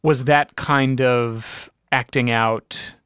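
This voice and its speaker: Male podcast host, slow and dry, quick reactive quips. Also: mid-range voice, steady tone, a bit bright, clean tone, dry recording. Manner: brief reactive interjections and quips. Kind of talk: casual interview chat.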